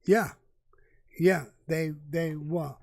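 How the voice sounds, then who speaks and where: An older man talks in a casual live Q&A. His voice sits a little high, and the mic picks him up dry and close. He is blunt and profane, stumbling and restarting as he goes. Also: steady tone, drawn-out words, creaky, no echo. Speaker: guest answering viewer questions.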